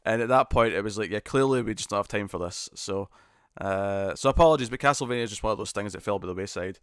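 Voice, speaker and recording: A man hosting a live stream, chatting casually and reading viewer comments, self-deprecating and quick to laugh. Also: on the low side, clean tone, dry recording, clean studio sound. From United Kingdom.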